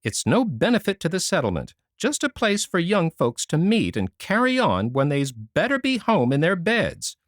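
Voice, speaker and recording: A man's voice: fairly high pitch, wildly swooping pitch, normal speed, hardly any pauses, dry recording, studio quality, voice pushed up. Grim sour old spinster, a man putting her on. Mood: sour scorn. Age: fifty-seven. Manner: grim, scornful, pessimistic.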